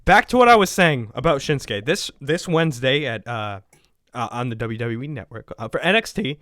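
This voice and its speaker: A man co-hosting a casual wrestling chat, excitable and swearing freely, often laughing. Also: medium pitch, moderate pace, no room sound, studio quality. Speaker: podcast co-host.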